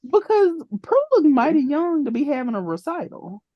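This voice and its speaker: A woman co-hosting a podcast, chatting casually about a TV episode as an animated, playful storyteller who laughs often. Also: high voice, normal speed, no echo, muffled recording. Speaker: podcast co-host.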